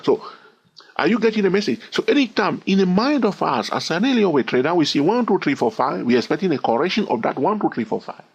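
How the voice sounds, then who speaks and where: A trading instructor with a high-sitting, very animated male voice talks fast, with vocal fry and a husky texture, and the highs are cut off. He teaches a chart lesson, counting wave numbers aloud in a sing-song way and repeatedly checking in with "all right?"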